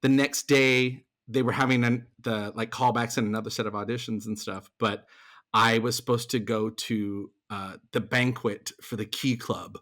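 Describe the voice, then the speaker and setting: A middle-aged man, a theater performer and voice actor, telling his story as a podcast guest in lively casual talk with many restarts. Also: mid-range voice, normal speed. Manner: animated, acts out quoted voices, frequent restarts.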